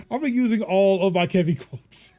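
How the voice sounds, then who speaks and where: A man with a high voice hosting a casual podcast, trading quick jokes and laughing often. Soft music sits faintly behind him. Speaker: podcast host. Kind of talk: casual chat.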